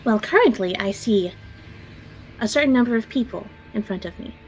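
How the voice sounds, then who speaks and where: A man's voice: high-pitched, expressive, normal speed, muffled recording, a little hiss or hum. A woman voicing a playful, evasive male jester in a tabletop game, answering coyly with riddles. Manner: coy, riddling.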